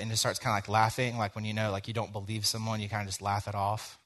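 A young man delivers a sermon in a relaxed, conversational way, slipping into a personal story and acting out both sides of the dialogue. His voice sits a little on the low side. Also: fast. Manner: conversational, tells a story with quoted dialogue, frequent "like". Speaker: teacher giving a sermon.

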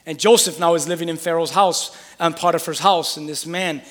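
A male preacher retelling a scripture story in an animated sermon, acting out the scenes as he goes. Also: on the high side, fairly quick, big-room sound.

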